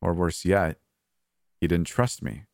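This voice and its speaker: A man's voice: low voice, takes it slowly, vocal fry, darkish tone, no echo, clean studio sound. A man narrating a first-person horror story in an anxious, hesitant manner.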